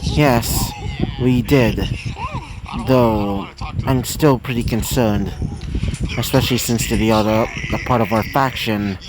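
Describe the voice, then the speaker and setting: A man reading the part of a worried young woman ship girl, halting and hesitant. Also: fairly low pitch, background noise.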